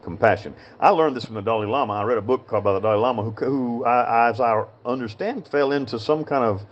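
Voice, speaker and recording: A man's voice: medium pitch, quick pace, muffled recording. A man with a Southern Appalachian mountain accent from Western North Carolina, a prison chaplain and inmate talking in a rambling, frank monologue that repeats itself and drifts off topic. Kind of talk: casual spoken monologue.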